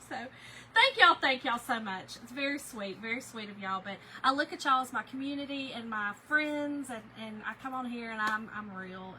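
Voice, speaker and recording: A woman talks to her livestream viewers from home, shaken and emotional, confiding in them. Her voice is bright and forceful, pitched a little high, with a faint hiss in the background. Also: low-quality recording. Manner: emotional, confiding, says "y'all" often. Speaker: livestream host. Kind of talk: casual livestream chat.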